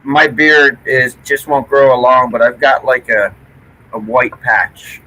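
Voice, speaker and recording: A man's voice: medium pitch, little pitch movement, measured pace, pushed and bright, poor audio. A middle-aged man with a Newfoundland accent, chatting casually and swearing freely. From Newfoundland, Canada. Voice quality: gravelly, swears a lot. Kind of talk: casual chat.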